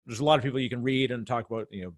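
A man's voice: mid-range voice, racing. A man hosting a casual interview, talking in long rambling stretches with frequent restarts and laughs. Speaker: podcast host.

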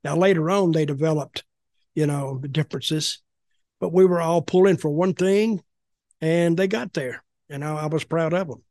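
A man's voice: fairly high pitch, moderate pace, darkish tone, no echo, clean studio sound. An older man telling blunt, rambling stories in casual podcast chat, often repeating himself. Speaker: podcast guest, former wrestling executive.

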